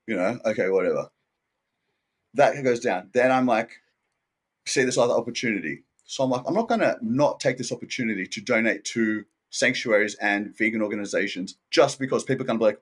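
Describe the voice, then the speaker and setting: A man's voice: mid-range voice, moderate pace. A man being interviewed, rambling in a laid-back way, saying "dude" and "like" a lot and acting out what others said. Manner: acts out quoted people in his story. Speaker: interview guest. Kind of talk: casual interview chat.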